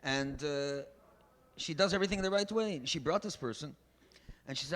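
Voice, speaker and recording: A male rabbi with a slightly high, brisk voice and lively intonation delivers a sermon woven with stories. He preaches emphatically, building to loud exhortations in a large synagogue hall. It's an archival event recording with faint background noise.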